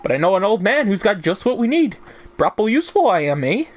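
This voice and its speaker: A chatty little fairy man, as a streamer puts him on, in a hammy mock Irish accent that keeps drifting Australian. The voice sits fairly high and swings about playfully. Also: very animated, brisk. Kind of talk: reading game lines aloud on a stream.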